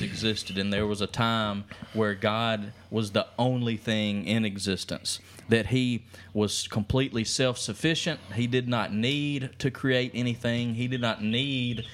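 An easygoing man hosts a casual theology podcast, reading listener reviews aloud and laughing along with his co-hosts. His mid-range voice is a bit bright, captured on a studio microphone with slight background noise.

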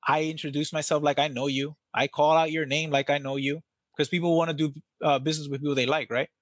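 Man, interview guest, energetic, blunt, casual swearing, dry close sound. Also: on the high side, quick pace, no echo. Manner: energetic, profane, acts out phone calls. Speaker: guest, real estate sales trainer.

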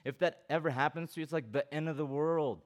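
A man's voice: a little high, fast talker. A middle-aged pastor preaching to students at a youth camp, reading scripture aloud and breaking in with his own comments and questions. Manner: asks the listeners direct questions.

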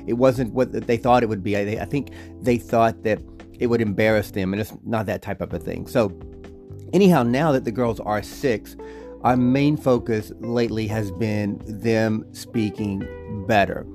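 A man's voice: fairly low pitch, a little slow, faint music behind. A man from Georgia, a father chatting casually on a family vlog, rambling at an easy pace. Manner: relaxed, rambling, with restarts. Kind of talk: casual chat.

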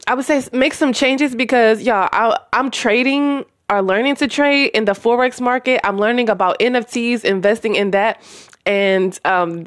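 A woman hosting a solo spiritual podcast, talking earnestly and emotionally and calling her listeners y'all. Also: fairly high pitch. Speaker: podcast host. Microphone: home audio recording.

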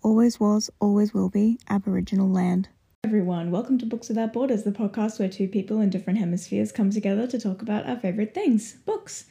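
Woman, mellow warm tone, friendly podcast co-host. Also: medium pitch, quick pace, creaky. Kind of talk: casual chat.

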